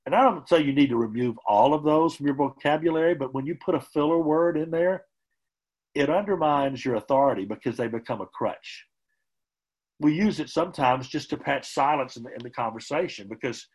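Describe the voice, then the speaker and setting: A man giving a conversational motivational training talk as a sales trainer, often softening his points with casual asides. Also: medium pitch, husky, rough recording. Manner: conversational, hedging with "kind of" and "you know".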